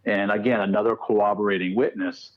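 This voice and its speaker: Animated storytelling man, muffled audio. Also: on the low side, a little fast. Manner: animated storyteller acting out quotes. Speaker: guest paranormal researcher. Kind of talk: storytelling in casual chat.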